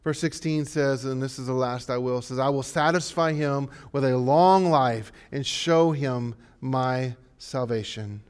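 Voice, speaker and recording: A male pastor preaching a sermon, swinging from hushed, low passages to loud, rising exhortations. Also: unhurried, few pauses, clean tone.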